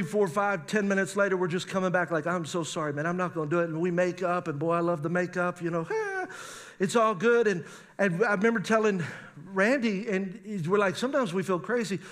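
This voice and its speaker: A middle-aged male pastor preaching a sermon on marriage, animated and acting out spouses' voices. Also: sits high, moderate pace.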